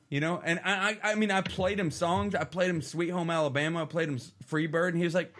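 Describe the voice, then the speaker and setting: A man's voice: high voice, a little fast, fairly bright tone. A young man from the American Midwest, co-hosting a casual podcast chat, telling rambling stories full of swearing and restarts. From Oklahoma or Kansas. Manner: rambling storyteller, swears a lot, many restarts. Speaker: podcast co-host.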